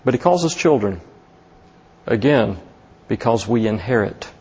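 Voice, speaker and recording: A man preaching a sermon as pastor, slow and emphatic, lifting his voice on key words. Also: medium pitch, expressive, darkish tone, slightly rough, dull audio.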